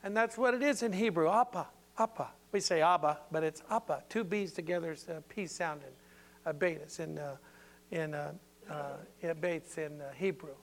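A man's voice: a little high, moderate pace, vocal fry. An older man preaching an informal sermon in a folksy, playful way with many asides.

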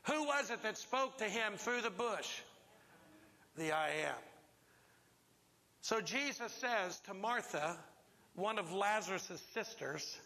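Man preaching in a church, high bright voice, keeps asking the crowd stuff, echoey hall. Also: lively intonation, takes it slowly, pauses often. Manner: emphatic, asks the congregation questions. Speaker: pastor. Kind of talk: sermon. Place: church sanctuary.

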